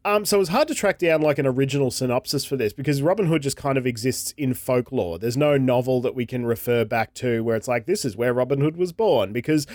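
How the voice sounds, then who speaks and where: A man's voice: mid-range voice, fast talker, few pauses, a little mellow, no room sound. A man co-hosting a casual podcast, rambling with fillers and restarts as he reads out a story summary. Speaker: podcast co-host. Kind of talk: casual chat, reading a synopsis aloud.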